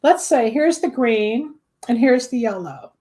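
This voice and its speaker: A woman host with a slightly high voice talks in a loose, chatty way. She explains things through homely examples. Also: lively intonation, unhurried, warm tone. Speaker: host, candle magic practitioner. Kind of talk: casual talk show chat.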